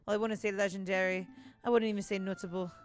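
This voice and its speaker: A woman reads an earnest, modest male bird lawyer from a courtroom game, brisk and upbeat. Her voice sits at a middling pitch, with faint game music behind. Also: fairly even intonation, lightly acted. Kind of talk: reading game dialogue aloud.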